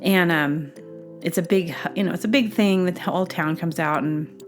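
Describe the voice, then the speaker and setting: Over soft background music, a podcast host spins a lengthy, casual story on her own show, stumbling through fillers and restarts and voicing the dialogue of others amid excited laughter. She speaks at a moderate pace in a voice on the low side.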